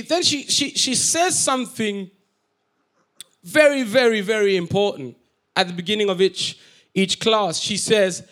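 A man's voice: high voice, a little slow. A man preaching a sermon in a church, telling a funny personal story, joking and acting out what people say. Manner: animated, joking, acts out quotes.

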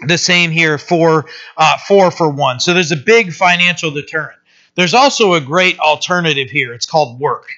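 A man's voice: fairly high pitch, moderate pace, bright, forceful tone. A man teaching a Bible passage in a casual, conversational way, often checking in with "right?". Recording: dull lo-fi sermon recording.

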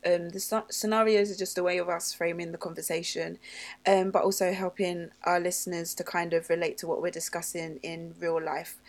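Upbeat woman hosting a podcast. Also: on the low side. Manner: upbeat, laughs often, teasing. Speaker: podcast host. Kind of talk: casual podcast chat.

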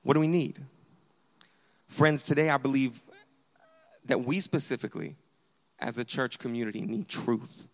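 A man preaching a sermon to his church congregation, animated and emphatic, often urging "hear me". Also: mid-range voice, moderate pace, pauses often, in a large hall. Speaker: pastor. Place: church sanctuary.

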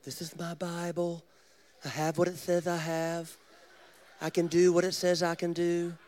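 A man imitating a soft, smiling TV preacher. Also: a little high, completely flat delivery, measured pace, natural voice. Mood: cheery. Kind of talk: impression within a sermon.

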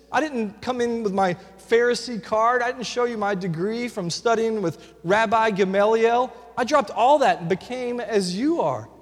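A man's voice: very high voice, long reverb tail. A man preaching a sermon as pastor, telling stories with casual asides to his congregation. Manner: animated storytelling, conversational asides to congregation.

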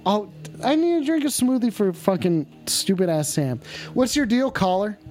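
A man with a high voice hosts a joke phone-in show, loud-mouthed and crude as he needles his callers. Soft music plays faintly behind him. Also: animated, moderate pace. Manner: brash, profane, mocking. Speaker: host of a mock call-in show. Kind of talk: crude comedic streaming banter.

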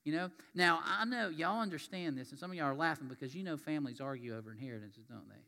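A man's voice: fairly high pitch, quick pace, pushed and bright, big-room sound. A man preaching a sermon, chatty and folksy, mixing scripture reading with stories. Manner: folksy, conversational, reads scripture aloud. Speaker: pastor. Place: church sanctuary.

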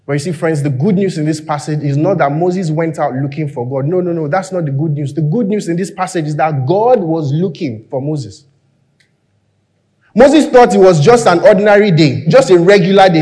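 A man preaching a sermon in church, animated, acting out the people in the story in quoted voices. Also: high voice, a little fast. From Nigeria. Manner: animated, acts out biblical figures in quoted voices. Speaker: pastor. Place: church hall.

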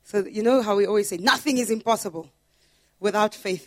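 A woman pastor preaching a sermon in an earnest way, building to loud, emphatic repetitions. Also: mid-range voice, fairly quick, no echo.

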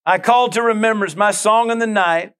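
A man's voice: sits high, normal speed, fairly bright tone, clear, resonant tone. A middle-aged male pastor preaching a conversational sermon, full of asides, repeated phrases and calls to the listeners.

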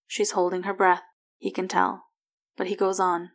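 A woman narrating a fan fiction story aloud, softly and evenly. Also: lowish voice, little pitch movement, moderate pace.

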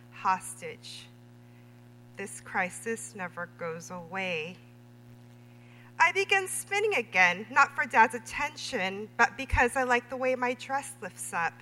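A woman reading her own memoir prose aloud at a literary reading, measured and deliberate. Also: mid-range voice, sharp tone. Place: reading event in a hall. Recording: reverberant hall with faint hum.

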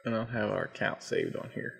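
A man's voice: lowish voice, steady tone, a little fast, gravelly, a bit bright. A man co-hosting a podcast, chatting casually and reacting with laughs and disbelief to posts online. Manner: laughing, incredulous, swears freely. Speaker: podcast co-host.

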